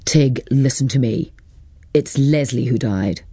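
A man reading an audiobook, voicing a jealous, angry husband who talks slowly and cuttingly. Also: mid-range voice, mellow, husky, dry recording, clean studio sound. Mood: tense, pleading. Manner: slow, deliberate and cutting.

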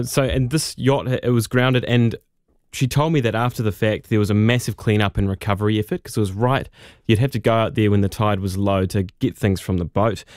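A man's voice: on the low side, a little mellow, no echo. Casual nz radio guy telling a story, lots of ums, dry close mic. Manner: chatty, informal, with fillers. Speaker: radio producer. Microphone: studio microphone.

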